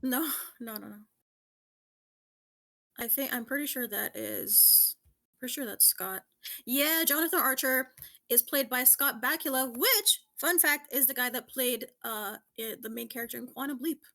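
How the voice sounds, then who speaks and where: High bright excitable woman quizmaster. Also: unhurried, vocal fry. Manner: excitable, laughs often, quizmaster. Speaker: podcast host running a quiz. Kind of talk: casual podcast chat.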